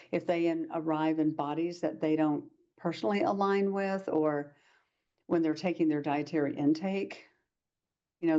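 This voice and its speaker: Low warm-voiced woman giving a workshop talk, chatty, slightly muffled recording. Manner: conversational, acts out short quoted exchanges. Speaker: workshop presenter. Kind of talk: lecture to practitioners.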